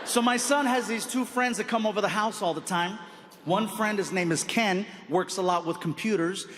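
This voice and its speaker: A man in his late thirties telling stand-up stories in an animated, loud, playful way on a large theater stage. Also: high voice, moderate pace. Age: 30s. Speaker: stand-up comedian. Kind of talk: stand-up storytelling. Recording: echoey hall with crowd noise.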